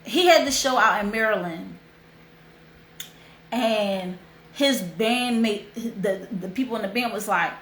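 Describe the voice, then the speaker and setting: A woman's voice: medium pitch, takes it slowly, pauses often, fairly bright tone, a little hiss or hum. A young woman hosting a livestream, telling a heartfelt story in a chatty, emotional way. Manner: heartfelt, chatty, repeats herself. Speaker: host. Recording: roomy echo.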